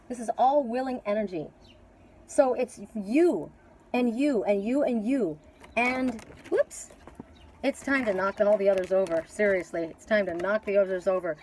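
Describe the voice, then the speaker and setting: A woman's voice: fairly high pitch, darkish tone, rough recording. A woman giving a spiritual oracle card reading, telling a dream in an earnest, storytelling way, repeating and restarting words often.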